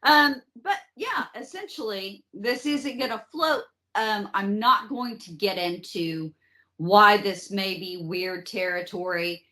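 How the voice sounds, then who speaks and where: A woman's voice: mid-range voice, slow pace. A woman hosting a podcast, telling history in a casual, profane, joking way. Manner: profane, animated storytelling with mock voices. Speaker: podcast host. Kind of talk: casual comedic history chat.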